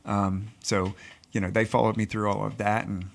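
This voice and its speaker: A man's voice: lowish voice, flat delivery, moderate pace, vocal fry. A middle-aged male teacher answering interview questions, earnest and explanatory, with frequent fillers. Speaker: teacher and guest.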